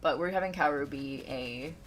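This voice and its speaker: A woman's voice: sits low, moderate pace. A woman live-streaming a game from home, chatting and giggling as she talks straight to her chat. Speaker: livestreamer.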